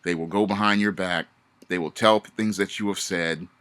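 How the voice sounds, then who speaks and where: A man's voice: low voice, fairly even intonation, normal speed, a bit bright, clean tone. A man in a casual vlog monologue, giving emphatic, repetitive warnings with frequent restarts. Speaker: vlogger.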